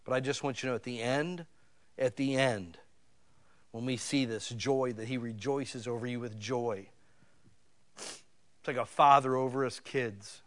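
A man's voice: mid-range voice, steady tone, unhurried, long pauses. A man preaching a sermon in a folksy, conversational way, talking directly to his listeners with emphatic swells. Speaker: pastor.

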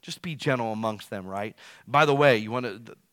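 Man, pastor, sermon, loud then quiet, animated delivery, mid pitch, dry recording. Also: brisk, no echo. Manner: animated, swings between loud emphasis and quiet asides; self-described as loud.

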